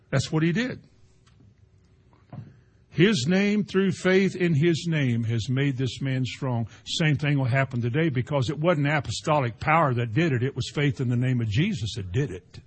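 Male pastor, husky, slightly high, conversational sermon, shifts from emphatic to hushed. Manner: conversational preaching, swings between emphatic and hushed.

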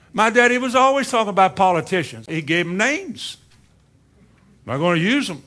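A man delivering a sermon in a fairly high voice. He peppers the congregation with rhetorical questions and slips into dry sarcasm. He drops into quiet asides, then climbs back up for emphasis. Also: animated, moderate pace. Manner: swings between quiet asides and rising emphasis. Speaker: preacher.

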